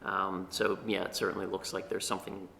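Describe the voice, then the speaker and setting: A man on town staff giving a measured, hesitant meeting report in a meeting room, with many pauses. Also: low voice, little pitch movement, vocal fry, sharp tone, a little hiss or hum.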